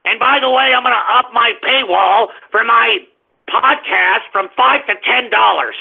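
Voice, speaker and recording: A man's voice: extremely high pitch, measured pace, gravelly, slightly rough, exaggerated voice. A man putting on a smug, pompous young male pundit in a mocking impression. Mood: mocking smugness. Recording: tinny phone-line sound.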